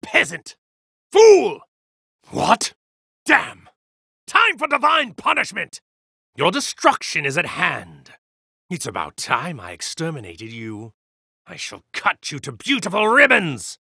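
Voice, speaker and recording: A sneering, gravelly evil god. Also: male voice, a little high, huge pitch swings, measured pace, pushed and bright, no echo, clean studio sound, heavily acted. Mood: wrathful. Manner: haughty, contemptuous, grandiose. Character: arrogant evil god in a hero's body, male. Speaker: video game character. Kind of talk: game voice lines.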